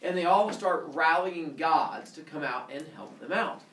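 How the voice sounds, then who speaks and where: Brief: lively male teacher storytelling to a class, sound effects and voices; distant, roomy classroom sound. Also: a little high, unhurried, slight background noise. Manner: animated, goofy, sound effects.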